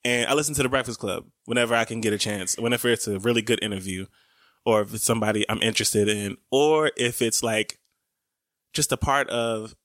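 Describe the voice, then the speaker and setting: A young man chatting on a podcast, with a bright, forceful tone. He is animated and laughs often while bantering with his wife. The sound is close and dry. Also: fairly low pitch, a little fast, no echo. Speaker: podcast co-host. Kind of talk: casual podcast chat.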